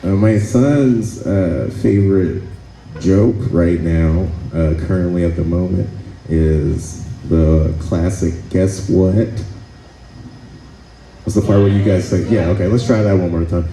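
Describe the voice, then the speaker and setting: A man works a comedy club stage with a handheld mic, telling profane, rambling stories and acting out the people in them. His voice sits low and very mellow. The room rings around him, with a faint hum of ambience underneath. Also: steady tone, measured pace, reverberant, poor audio. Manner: profane, rambling storytelling with acted asides. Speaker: stand-up comedian. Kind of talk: stand-up comedy set.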